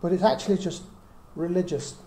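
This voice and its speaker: Fairly quick in delivery, a middle-aged Bible teacher earnestly works through Scripture for a small group, frequently posing rhetorical questions. His voice is slightly high but mellow, and the echoey room has a faint hiss behind it.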